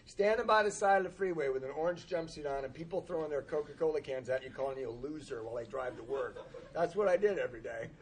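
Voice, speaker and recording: Man with a slightly high voice, candid recovery storyteller, self-deprecating and chuckling at his own mistakes. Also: fast talker, slightly rough, rough recording. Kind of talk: humorous personal storytelling.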